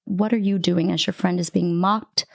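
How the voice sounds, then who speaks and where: A woman running a tabletop session, narrating scenes and rulings with lively storytelling. Her delivery is full of fillers and quick restarts, and the recording is dry and close. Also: on the low side, creaky, dry recording. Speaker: game master.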